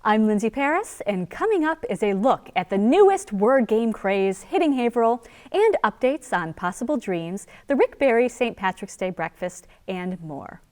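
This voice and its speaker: A woman's voice: fairly high pitch, sing-song, normal speed, hardly any pauses, a little mellow. A woman from Connecticut hosting a local news magazine show, upbeat and playful. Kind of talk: light local news presenting.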